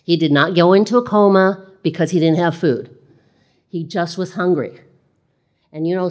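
A woman's voice: on the low side, normal speed, a little mellow. A woman preaching a sermon in a conversational way, reading scripture aloud and repeating phrases.

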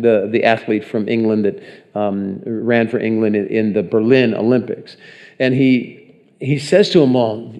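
A man's voice: medium pitch, darkish tone. A man preaching a sermon in a conversational way, often putting questions to the congregation. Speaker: pastor.

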